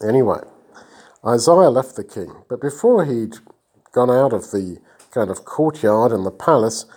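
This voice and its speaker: A man's voice: mid-range voice, expressive, measured pace, a little mellow, husky. A man reading and explaining a Bible passage in an easy, conversational way, stopping to praise a listener. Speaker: Bible teacher. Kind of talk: informal Bible reading and teaching.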